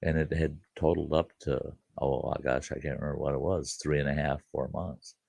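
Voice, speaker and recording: A man's voice: very deep voice, steady tone, brisk, gravelly, mellow, dry recording, clean studio sound. A man hosting a livestream, telling a story in a casual, folksy way and often repeating "I said" as he retells what happened. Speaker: livestream host. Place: farm.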